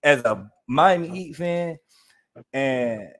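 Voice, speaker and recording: A man's voice: on the high side, animated, slow pace, a bit bright. A man hosting a podcast in casual chat, loose and rambling, talking straight to his listeners. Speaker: podcast host.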